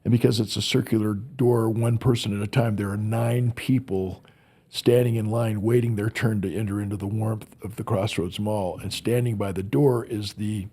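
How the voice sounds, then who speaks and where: A man's voice: on the low side, fairly even intonation, normal speed, dark tone, breathy edge. A man who is a motivational speaker, telling earnest stories as a podcast guest and often repeating words as he searches for them. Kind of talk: storytelling in a podcast interview.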